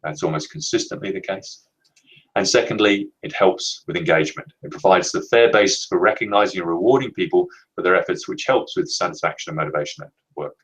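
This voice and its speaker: A man presenting a leadership training webinar, explaining in a measured, emphatic way and slowing down to stress key words. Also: deep voice, a bit bright, poor audio.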